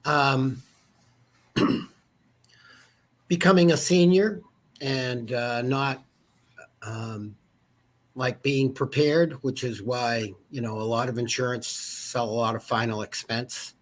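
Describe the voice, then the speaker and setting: A man's voice: medium pitch, slow pace, long pauses. A man in his fifties, an insurance agent and guest, chatting casually and telling rambling stories full of asides. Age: 50s. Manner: rambling storyteller, many asides. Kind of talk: casual interview chat.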